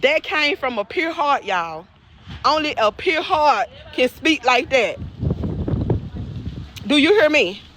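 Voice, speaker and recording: A woman, recapping a court trial in casual chat, emphatic and animated, repeating phrases and calling the viewers y'all. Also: sits high, takes it slowly, long pauses, noisy background.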